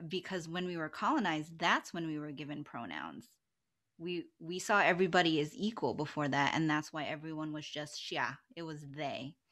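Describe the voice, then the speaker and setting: A woman co-hosting a book club podcast in casual chat, telling stories animatedly and acting out her own comebacks. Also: sits low. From Philippine diaspora. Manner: animated storyteller, acts out her own retorts.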